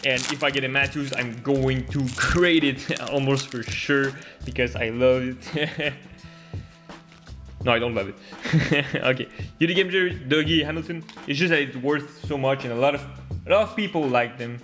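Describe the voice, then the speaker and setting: A man giving casual commentary while opening hockey card packs, laughing often and bursting into loud gasps and swearing over good pulls. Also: mid-range voice, moderate pace, soft background music.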